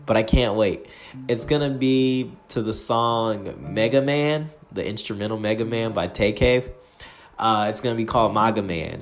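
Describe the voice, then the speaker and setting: A man hosts a casual solo podcast rant, swearing freely. He paces a small closed room, and his voice leaps higher whenever he gets worked up. Faint music plays underneath. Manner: profane, heated ranting with big pitch jumps. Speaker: podcast host.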